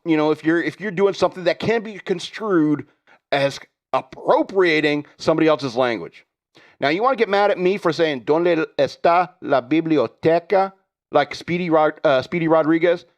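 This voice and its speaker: A man's voice: a little high, expressive, moderate pace. A man hosting a podcast, delivering a rambling, sarcastic comedic rant and laughing at his own jokes. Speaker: podcast host.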